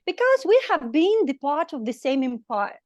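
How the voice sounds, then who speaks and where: A woman's voice: sits high, sing-song, normal speed, a little mellow, no echo, lo-fi sound. A middle-aged woman with a Ukrainian accent giving a careful impromptu answer at a club meeting. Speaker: meeting participant.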